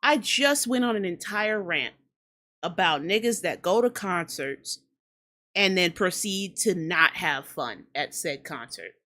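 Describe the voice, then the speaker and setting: A woman's voice: lowish voice, lively intonation, unhurried, pushed and bright. A woman hosting a hip-hop commentary show, talking in a blunt, profane, ranting way and repeating lines for emphasis. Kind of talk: casual commentary rant.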